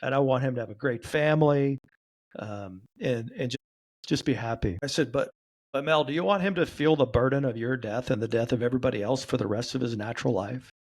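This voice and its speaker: Animated man telling a story. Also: medium pitch, fairly quick. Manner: animated storyteller, acts out quoted dialogue. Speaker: guest, trauma therapy practitioner. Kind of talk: storytelling in a podcast interview.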